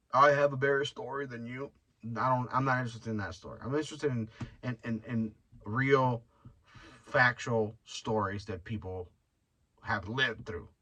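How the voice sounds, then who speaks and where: A man's voice: medium pitch, sharp tone, far from the mic. A man hosting his own podcast, rambling bluntly and swearing freely as he talks through his thoughts. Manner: rambling, blunt and profane, with frequent restarts. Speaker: podcast host. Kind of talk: casual solo podcast monologue.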